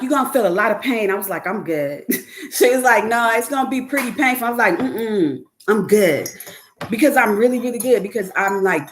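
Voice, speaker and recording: Woman host, casual and profane, very lively pitch. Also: a little hiss or hum. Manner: animated, profane, laughs often, mimics others. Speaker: podcast host. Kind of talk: casual storytelling chat.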